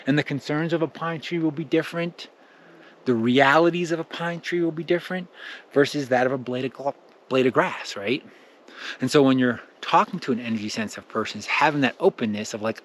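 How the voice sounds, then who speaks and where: A young man talking casually to camera outdoors among trees as a spiritual teacher, animated and acting out reactions in his voice. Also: brisk. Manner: animated, acts out quoted reactions with big pitch jumps. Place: outdoors in nature near pine trees.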